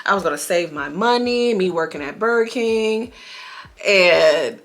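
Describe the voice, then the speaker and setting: A woman's voice: medium pitch, animated, normal speed, fairly bright tone, faint music behind. A woman, chatting casually to viewers while doing her makeup, a bit dramatic. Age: 40s. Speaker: beauty vlogger.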